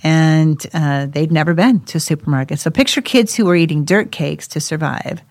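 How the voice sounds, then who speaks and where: A middle-aged woman telling a family story in casual chat, animated and quick to laugh. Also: sits low, no room sound, clean studio sound. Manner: animated storyteller, acts out quotes, laughs often. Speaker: adoptive mother guest.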